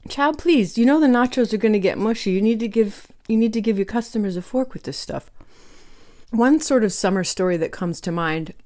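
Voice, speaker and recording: A woman's voice: fairly high pitch, animated, brisk, a little mellow. A woman food vlogger telling a casual storytime while eating, chatty and rambling, laughing now and then.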